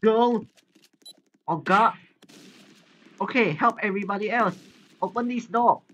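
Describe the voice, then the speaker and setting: A man hosting a live game commentary, excitable and often shouting as he plays. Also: high voice, measured pace, a little hiss or hum, rough recording. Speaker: gaming channel host.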